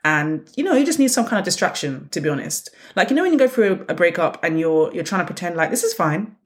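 A woman hosting her own podcast, telling stories in a blunt, sarcastic, animated way. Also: lowish voice, fast. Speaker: podcast host. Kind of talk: casual solo podcast monologue.

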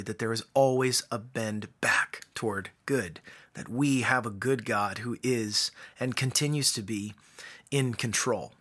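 Earnest bright-voiced man giving a devotional. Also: medium pitch. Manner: earnest, builds to emphatic peaks. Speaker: guest speaker. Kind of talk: devotional talk.

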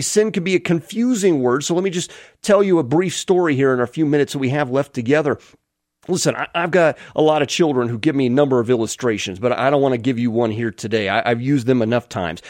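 A man's voice: fairly high pitch, a little mellow, dry recording, clean studio sound. A male pastor delivering a sermon, telling stories earnestly and often restarting his words. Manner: earnest storytelling with frequent restarts.

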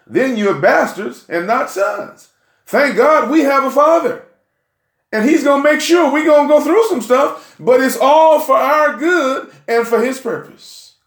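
A man preaching a sermon, emphatic and rousing, often asking "Huh?" and rising to shouts. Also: on the high side, roomy sound.

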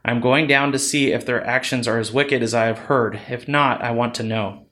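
The Lord, calm and steady, read by a man. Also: mid-range voice, moderate pace, lightly acted. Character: the Lord, calm divine male voice.

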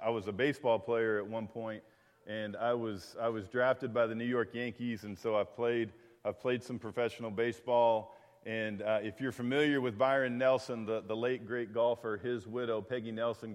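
A male pastor delivers a sermon in an easy, conversational way, often restarting phrases and adding asides. His voice sits at an ordinary middle pitch. A long reverb trails behind his words, as in a large church sanctuary.

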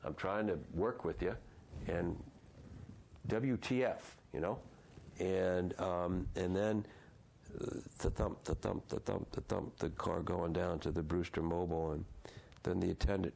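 A man in his sixties telling a personal story as an interview guest, halting often and repeating words as he restarts. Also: sits low, fairly even intonation, gravelly, darkish tone, slight background noise. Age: 60s.

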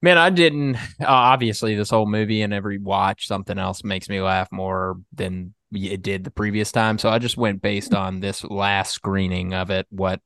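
Deeper guy chilling in a movie podcast, easygoing, dry close sound. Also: steady tone, moderate pace, few pauses, a bit bright, dry recording. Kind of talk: casual movie review chat.

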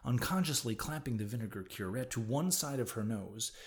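A man narrating a classic novel in the first person, with a measured, dramatic reading. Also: medium pitch. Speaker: audiobook narrator.

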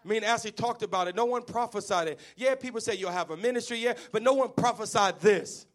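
High-voiced preaching man. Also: quick pace. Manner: impassioned preaching, rising to shouted refrains. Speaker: pastor. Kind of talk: sermon.

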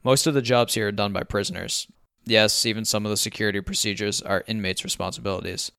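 Matter-of-fact prison guard, voiced by a man, low voice, smooth and clear. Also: steady tone, quick pace, bright, forceful tone, dry recording, studio quality. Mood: dry. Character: smirking adult male prison guard.

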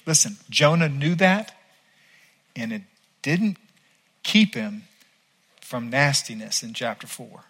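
A man preaching a sermon as pastor, earnest and emphatic, swinging between quiet and loud. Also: mid-range voice, expressive, moderate pace.

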